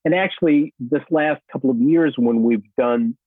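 A man's voice: medium pitch, moderate pace, no echo. A man talks casually as an interview guest, wandering through his memories with plenty of fillers and false starts. His voice comes through a thin, phone-like line. The sound is dry and close, with no room around it. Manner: rambling, many fillers and restarts. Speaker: actor guest.

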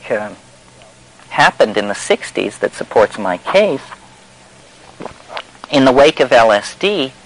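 A man speaking at a middle pitch, lecturing in a loose, discursive way. He is wry and emphatic, and he wanders between ideas, with plenty of "you know" and "uh" along the way. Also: poor audio. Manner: wry, meandering and emphatic, with many fillers. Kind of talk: discursive spoken talk.

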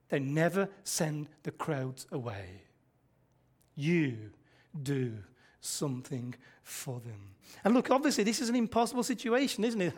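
Pastor, chatty sermon style, fires rhetorical questions, chuckles through lines. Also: medium pitch. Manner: conversational, quizzes the congregation, frequent rhetorical questions; chuckles often mid-sentence. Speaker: preacher.

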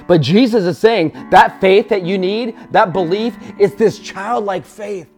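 Impassioned preacher man over soft guitar. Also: sits high, lively intonation, normal speed, few pauses. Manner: impassioned, builds to near-shouting. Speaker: pastor. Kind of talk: sermon.

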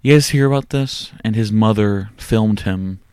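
A low-voiced man hosting an irreverent comedy podcast. He rambles and swears, tumbling through stories in quick, profane bursts with restarts. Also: darkish tone, smooth, no echo, clean studio sound. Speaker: podcast host. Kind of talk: crude comedic podcast chat.

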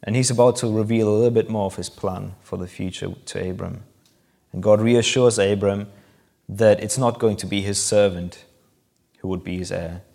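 A man with a fairly low voice preaches a sermon, walking listeners through a scripture passage. He explains in a conversational way and lifts his voice to act out the quoted lines. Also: fairly even intonation, normal speed, vocal fry, mellow. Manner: explanatory, acts out quoted lines with rising emphasis.

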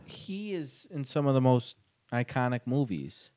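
A man's voice: mid-range voice, big pitch swings, measured pace, warm tone, dry recording, studio quality. A man co-hosting a podcast, talking casually and thoughtfully, trailing off as he thinks. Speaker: podcast co-host. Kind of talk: casual chat.

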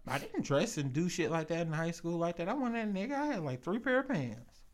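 Lively man telling stories. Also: fairly high pitch, fairly quick. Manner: animated storyteller, acts out quotes, laughs often. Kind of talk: casual chat.

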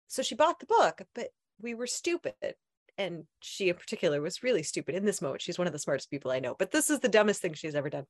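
A woman's voice: lowish voice, sing-song, quick pace, dry recording, clean studio sound. A woman co-hosting a casual chat, telling personal memories in a giggly, self-deprecating way.

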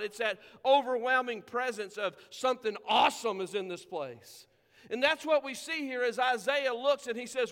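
High-voiced preacher in an echoing hall. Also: male voice, steady tone, pushed and bright. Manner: emphatic preaching, drawn-out quotes, conversational asides. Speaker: pastor. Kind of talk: sermon. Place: church sanctuary.

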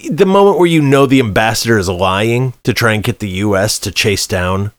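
A man's voice: fairly low pitch, moderate pace, no echo. A man co-hosting a podcast, telling stories in a casual movie chat and mimicking people as he goes. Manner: animated storyteller, mimics people. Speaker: podcast co-host.

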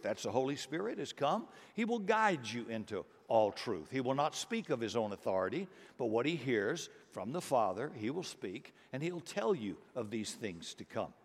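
A middle-aged man preaching a sermon as pastor, earnest and rising to emphatic bursts. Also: mid-range voice. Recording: long hall reverb.

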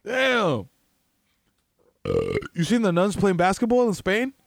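Male co-host, New York accent, high and very lively voice, slangy profane hype talk, dry sound. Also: a little slow, creaky, dry recording. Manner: excitable, slangy, laughing often, profane. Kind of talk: casual chat. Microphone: video call.

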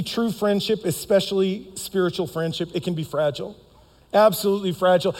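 Man, pastor, sermon, high voice, earnest and emphatic, long church-hall reverb. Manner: earnest, emphatic preaching with sudden loud acted outbursts. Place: church sanctuary.

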